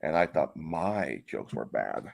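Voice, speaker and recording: A man on a podcast doing a slow, theatrical villain laugh. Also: a bass voice, sing-song, vocal fry.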